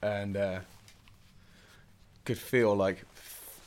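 A man's voice: on the low side, fairly even intonation, very slow, background noise. A young man from England, a podcast guest, telling a story in a laid-back way with lots of fillers and frequent laughter. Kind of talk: casual storytelling.

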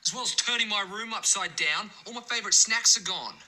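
An actor playing an annoying young zombie in a cap, speaking in an offhand, casual way in a web series. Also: male voice, high-pitched, a little fast, bright, forceful tone.

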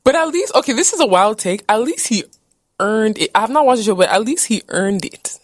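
A young woman hosting a podcast, chatty and playful, quick with a joke. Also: fairly high pitch, lively intonation, no room sound, clean studio sound. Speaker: podcast host. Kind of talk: casual podcast chat.

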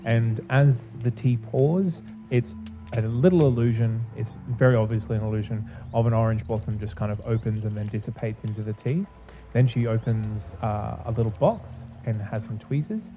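A man narrating a tabletop game as game master, relaxed and descriptive. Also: mid-range voice, moderate pace, highs cut off, faint music behind.

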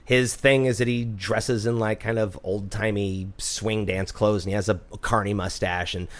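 A man co-hosting a casual talk podcast, telling a story with an animated manner, swearing freely and mimicking the people he quotes. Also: lowish voice, moderate pace. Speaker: podcast co-host.

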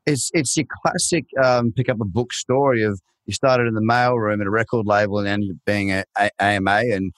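A man hosting a podcast interview, jokey and animated, with a showman's patter. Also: fairly low pitch, a little fast, few pauses, no room sound. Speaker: host.

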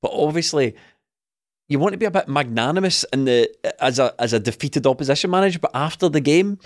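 A man's voice: on the high side, expressive, quick pace, no echo, studio quality. A Scottish man co-hosting a football podcast, chatting casually and mocking a rival with laughs. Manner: mocking, laughs while talking. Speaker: podcast co-host. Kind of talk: casual chat.

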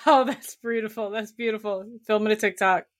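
A woman's voice: medium pitch, steady tone, a little fast, no echo. A woman playing in a tabletop game, teasing and joking with her friends. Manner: playful and teasing, laughs easily. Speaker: player. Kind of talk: casual chat.

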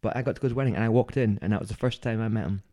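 A male podcast co-host tells a story in casual chat, animatedly acting out what people said and laughing often. He talks very fast in a lowish voice.

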